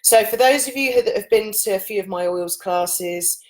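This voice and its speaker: Husky-voiced woman in her late thirties. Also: medium pitch, moderate pace, a little mellow. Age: 30s. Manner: chatty, informal, loose run-on explanations. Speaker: yoga and oils teacher. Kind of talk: casual chat to camera.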